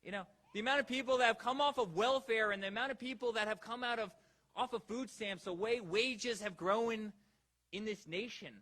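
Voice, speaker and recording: Bright, high-voiced man at a rally. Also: brisk. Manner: rousing, with repeated rhetorical questions. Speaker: political rally speaker. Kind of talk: campaign rally speech. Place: outdoor campaign rally.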